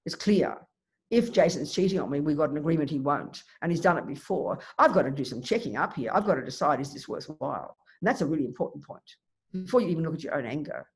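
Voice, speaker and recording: Emphatic woman teaching Buddhism. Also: low-pitched. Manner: emphatic, animated, thinks aloud with restarts. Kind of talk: dharma teaching talk.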